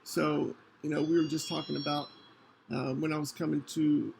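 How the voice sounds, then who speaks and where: A man hosting a podcast, telling a personal story in an earnest, halting way with many restarts. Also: fairly high pitch, level tone, creaky, a little mellow, a little hiss or hum, poor audio. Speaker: podcast host.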